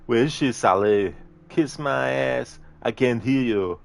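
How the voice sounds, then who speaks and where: A man doing an impression of a gruff, menacing commando soldier with a heavy Austrian accent. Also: mid-range voice, slow pace, pitched above the performer's own voice.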